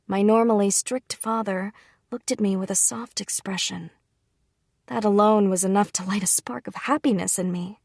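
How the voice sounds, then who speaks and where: A woman reads a light novel aloud in first person, calm and even. Her voice is husky with a gravelly grain, and the sound is close and dry. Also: medium pitch, normal speed, dry recording. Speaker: audiobook reader.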